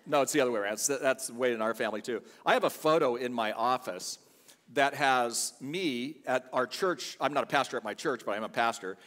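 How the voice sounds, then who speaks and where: A man's voice: mid-range voice, fairly quick, fairly bright tone. Older man preaching in an echoey church. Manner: chatty, humorous storytelling. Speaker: guest pastor. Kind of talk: sermon with personal stories. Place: church sanctuary.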